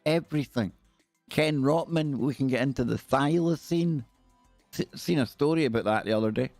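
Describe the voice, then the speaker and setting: A man's voice: medium pitch, moderate pace, darkish tone, no room sound, soft background music. A Scottish man hosting a live stream in casual, jokey, rambling chat. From Scotland.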